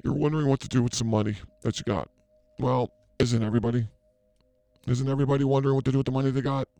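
A man's voice: mid-range voice, steady tone, fast, vocal fry, mellow, no echo, close to an everyday voice. A man playing a brash, flirty fake psychic healer in a comedy sketch, rambling through crude banter. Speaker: comedy show host.

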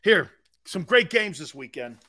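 Brash, high-voiced male sports talk host. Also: sing-song, a little slow, pushed and bright. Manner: brash, boisterous, laughs often.

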